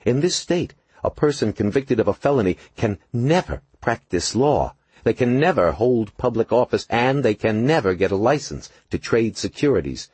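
A man reading an audiobook, voicing a tough, cool-headed woman police officer who speaks in a firm, measured, commanding way. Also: medium pitch, sing-song, darkish tone, husky, no echo, pitched above the performer's own voice. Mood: stern. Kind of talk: audiobook narration.

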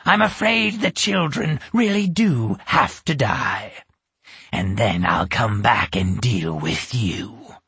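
Storybook villain: menacing ancient witch, slow and cold, husky, read by a man. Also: fairly low pitch, lively intonation, sharp tone, no room sound, pitched below the performer's own voice, full character voice. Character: menacing ancient witch woman, cruel and amused.

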